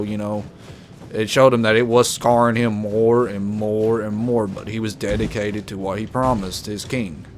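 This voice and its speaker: A man's voice: lowish voice, slight background noise. A man giving casual live commentary while playing a video game, rambling emotionally and repeating himself. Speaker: gameplay commentator.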